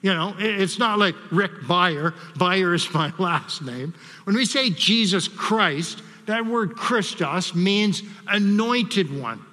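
A man delivers a measured sermon from the pulpit, pausing to read scripture and ask the congregation to repeat key words. His voice sits high and sounds bright and forceful. The sanctuary adds a long, ringing reverb. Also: animated. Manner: measured preaching, reads scripture aloud, leads congregation call-and-response. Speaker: pastor. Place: church sanctuary.

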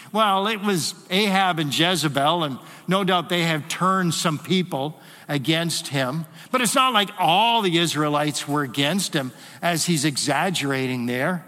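A man preaching a sermon in a church hall, animated and acting out the voices he quotes. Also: fairly high pitch, measured pace, hardly any pauses. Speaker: pastor. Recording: long hall reverb.

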